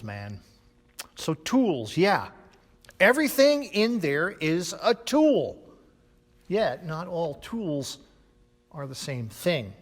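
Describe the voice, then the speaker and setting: A middle-aged man preaches in a slow, measured way, his pitch leaping high and low for emphasis. His voice sits a little above the usual male range. A long church reverb trails after each phrase. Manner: emphatic, with dramatic pauses and swings in loudness. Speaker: pastor. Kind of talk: sermon. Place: church sanctuary.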